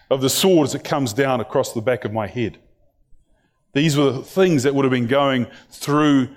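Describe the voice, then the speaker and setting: A man preaching a sermon, retelling a story and acting out what its people think and say. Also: mid-range voice. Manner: storytelling, acts out the characters' thoughts and words.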